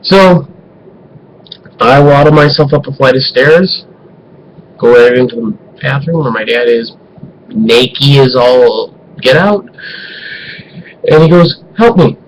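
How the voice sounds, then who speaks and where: A man tells a comic story from his own life to camera, swinging between loud bursts and near-whispers. His pitch sits in an ordinary middle range. A faint hiss runs under the voice. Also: slow, pauses often, rough recording. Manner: animated, swings from loud to hushed, profane. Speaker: vlogger.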